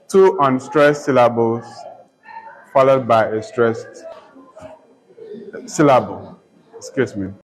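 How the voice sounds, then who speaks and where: Slow, repetitive male poetry teacher. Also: mid-range voice, rough recording. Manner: repeats terms and spells them out letter by letter. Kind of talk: slow poetry lesson with dictation.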